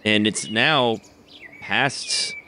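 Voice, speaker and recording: A man's voice: lowish voice, very slow, pushed and bright, slight background noise. A man narrating a tabletop role-playing game as game master, telling the story steadily and chuckling often.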